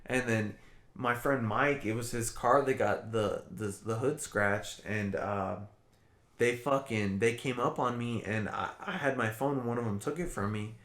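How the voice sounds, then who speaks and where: A man on a podcast tells a rambling, profanity-laced story in a relaxed conversational way. His voice sits in a mid range. The recording has a roomy echo around him. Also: medium pitch, a little slow. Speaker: podcast co-host. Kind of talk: casual storytelling chat.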